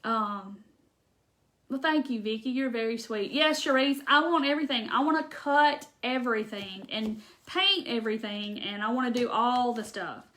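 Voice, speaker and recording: Woman, fairly high voice, chatty live-stream crafter, rambling with ums. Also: lively intonation, moderate pace, fairly bright tone. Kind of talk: casual live-stream chat answering comments.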